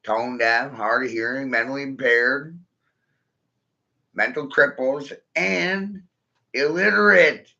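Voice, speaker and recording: A man's voice: mid-range voice, level tone, slow pace, pauses often, bright, forceful tone. A man in a rambling, profane monologue, stringing rhyming wordplay together and laughing at his own jokes, recorded in his vehicle. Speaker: vlogger. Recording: dull lo-fi sound.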